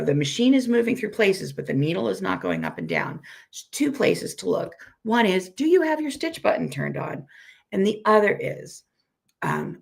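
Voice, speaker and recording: A woman with a weak, hoarse voice from a recent illness gives a friendly, self-deprecating live software tutorial and repeats each step slowly. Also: fairly low pitch. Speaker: software instructor.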